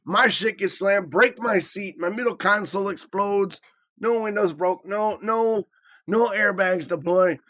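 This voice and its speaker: A man's voice: sits high, unhurried, bright, forceful tone. A man in his thirties co-hosting a podcast, telling a story in a casual, profane way and acting out the people he quotes. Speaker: podcast co-host.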